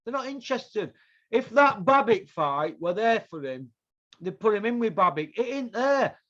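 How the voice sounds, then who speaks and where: Male host, high voice, foul-mouthed heated rant, dull lo-fi recording. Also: very animated, moderate pace, fairly bright tone. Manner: profane, heated, repetitive ranting. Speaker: podcast host. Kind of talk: angry ranting commentary. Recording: dull lo-fi sound.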